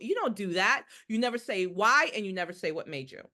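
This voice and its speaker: A woman's voice: a little high, sing-song, fast, hardly any pauses, pushed and bright. A woman who is a nursing instructor leading a live quiz review, emphatic and repeating her key points with rhetorical questions.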